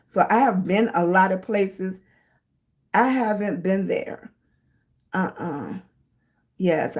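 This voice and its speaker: A woman's voice: medium pitch, a little mellow. A middle-aged woman hosting a casual live stream, chatting with viewers and greeting them with pet names like baby and sweetie. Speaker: livestream host.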